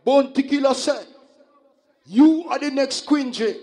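A Jamaican man working as a sound system selector, hyping and calming the crowd in patois during a live sound clash. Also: extremely high pitch, a little slow. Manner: shouting at the crowd in patois, hoarse hype. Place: live outdoor dance event.

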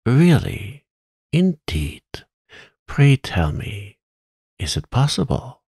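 A man's voice: mid-range voice, wildly swooping pitch, slow pace, darkish tone, breathy edge, no room sound, studio quality, voice pushed up, full character voice. A man voicing a scarecrow brought to life, chiming in with eager, fussy small talk.

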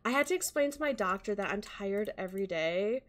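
A woman hosting a casual gaming stream, chatty, with quick bursts of excitement. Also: medium pitch. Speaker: streamer and channel host.

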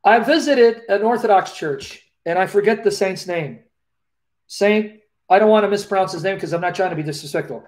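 A man with a notably high voice hosts a live Q&A over a video call. He speaks earnestly and with feeling, circling back to repeat key phrases as he tells a personal story. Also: fairly quick. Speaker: host of a live Q&A.

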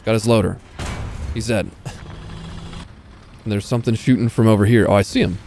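A man's voice: fairly low pitch, steady tone, brisk, gravelly, darkish tone. A young man giving casual, self-mocking live commentary while playing a tank game, swearing and talking to himself. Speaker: gaming YouTuber. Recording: faint game noise behind. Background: game gunfire and vehicle sounds.

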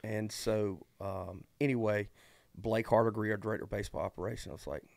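A middle-aged man, a college baseball coach telling his story as a podcast guest in a folksy, animated way full of fillers and restarts. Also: fairly low pitch, brisk, vocal fry, dry recording. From eastern North Carolina. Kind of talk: casual storytelling conversation.

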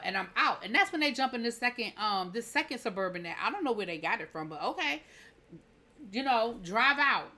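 Slightly high and sing-song, this woman's bright, forceful voice runs a little fast. As a TV show reviewer doing an informal episode recap, she acts out scenes in quoted dialogue, with strong opinions and heated rhetorical asides throughout.

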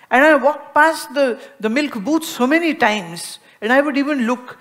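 An Indian-accented woman delivering a spiritual discourse to an audience. She speaks with lively expression, dropping to a soft hush and then rising to emphasis as she explains, often acting out little everyday exchanges. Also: a little high, moderate pace. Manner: expressive, acts out everyday dialogues, swings between soft and emphatic. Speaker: spiritual teacher.

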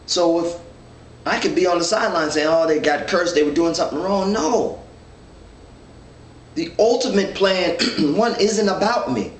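A man leads an informal Bible study, reading verses and working through them earnestly with frequent restarts. His voice sits a little high for a man. He is recorded from some distance in an echoey room with a faint hum of ambience. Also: moderate pace. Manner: earnest, thinks aloud with restarts, reads scripture.

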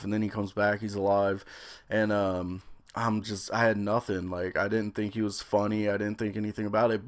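A young adult man giving a casual, rambling review of a series, excitable and swearing freely. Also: on the low side.

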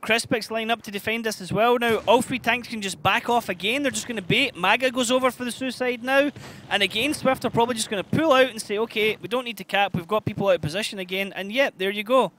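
Bright, high-voiced male esports caster. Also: a little hiss or hum. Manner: quick, excitable play-by-play. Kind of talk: live play-by-play commentary.

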